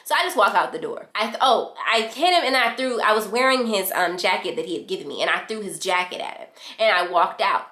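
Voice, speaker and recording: A young woman vlogger telling a storytime in casual chat, animated and slangy, acting out what others said. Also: medium pitch, a little fast, hardly any pauses. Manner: animated, slangy, acts out quotes. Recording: echoey room.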